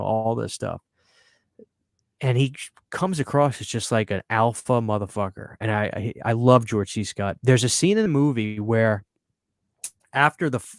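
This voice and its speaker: A mid-pitched man talks fast and loose on a podcast, cursing freely and repeating himself as he gets fired up. The sound is dry and close, with no room around it. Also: dry recording. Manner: excitable, swearing, repeats words when worked up. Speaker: podcast host. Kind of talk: casual chat.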